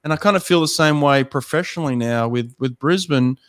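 A man's voice: a little high, a little fast. A man from Australia hosting a podcast, chatting casually and often stammering and restarting his sentences. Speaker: podcast host. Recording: dry close audio.

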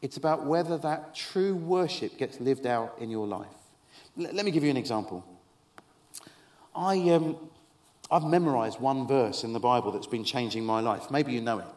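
A man preaching a sermon to an audience, telling a story with lively, wry humorous asides. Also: mid-range voice, normal speed. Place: event hall with an audience.

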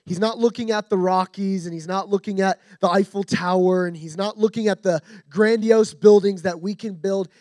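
A man's voice: high-pitched, steady tone, normal speed, few pauses, darkish tone, no room sound. A man preaching with confident emphasis and repeated phrases, as a guest speaker. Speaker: guest speaker at a discipleship school. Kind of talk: sermon.

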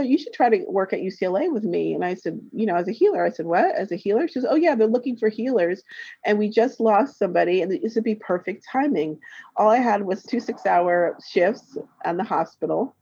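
A woman's voice: mid-range voice, a little fast, dark tone, slightly rough, dry recording. A woman who works as a therapist and healer, telling a personal story in casual conversation, acting out the voices she quotes and laughing often. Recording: dull, slightly lo-fi dry recording.

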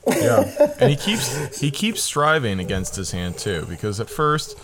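A man's voice: mid-range voice, wildly swooping pitch, measured pace, crowd noise. A man in casual discussion, friendly and affable, sometimes reading passages aloud.

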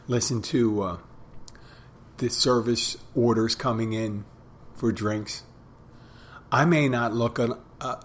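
A man working as a bartender who tells stories about customers in a plain, halting way. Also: on the low side, slight background noise. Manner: plain-spoken, halting with restarts and fillers. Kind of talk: casual storytelling monologue.

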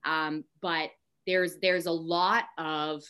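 A woman speaking as a podcast guest, frank and impassioned, talking in rushes and drifting into tangents. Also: low voice, flat delivery, sharp tone, smooth. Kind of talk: candid podcast conversation.

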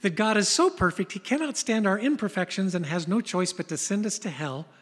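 Older guy preaching, higher voice, kinda breathy, big hall echo, goes down to whispers sometimes. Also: a little fast. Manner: storytelling, animated, drops to a whisper for emphasis. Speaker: pastor. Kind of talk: sermon. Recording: long reverb of a large hall.

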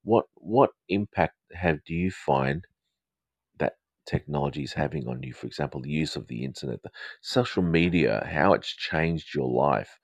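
A man's voice: creaky, no room sound. A middle-aged male counsellor from the north of England with a mixed Australian and southern English accent, hosting a live podcast in a rambling, friendly way with many ums and restarts. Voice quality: baritone. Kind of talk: live podcast talk to listeners.

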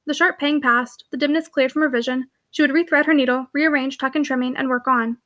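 Brisk high-voiced woman reading a classic novel. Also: steady tone, fairly bright tone. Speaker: audiobook reader.

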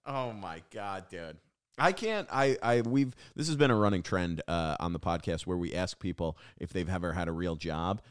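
A man's voice: low voice, normal speed, clean tone. A man hosting a podcast, reacting to a guest's story with laughs and exclamations in casual chat. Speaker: podcast host.

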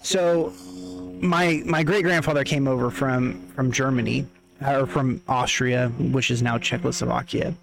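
A man's voice: mid-range voice, steady tone, measured pace, vocal fry, a bit bright. A man on a podcast talking casually and at length, circling back to his points. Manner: thoughtful, rambling family storytelling. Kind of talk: casual chat.

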